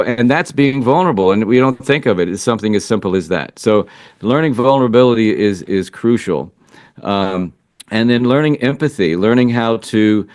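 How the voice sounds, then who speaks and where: Reflective lowish-voiced male relationship coach. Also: darkish tone, dry recording, clean studio sound. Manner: earnest and reflective, thinking aloud. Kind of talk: interview answers, casual advice.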